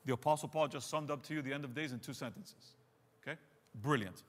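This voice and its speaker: A man's voice: mid-range voice, fairly quick, a bit bright, in a large hall. A man preaching to his congregation in church, emphatic, repeating phrases and speaking to them directly. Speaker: pastor. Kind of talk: sermon. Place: church sanctuary.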